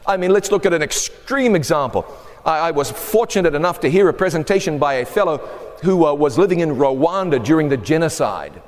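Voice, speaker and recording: A man's voice: fairly high pitch, long reverb tail. A male pastor preaching a sermon in a conversational, emphatic way, acting out the people he quotes.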